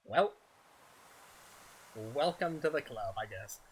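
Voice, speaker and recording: A man streaming a game, talking casually in a soft-spoken, rambling way with frequent chuckles. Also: medium pitch, lively intonation, normal speed. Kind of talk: casual gaming stream chat.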